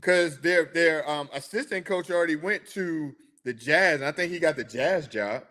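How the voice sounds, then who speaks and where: A young man hosting a sports podcast, chatting in a rambling, animated way and answering his listeners. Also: a little high, normal speed. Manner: rambling, animated, talks to chat viewers. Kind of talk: casual chat.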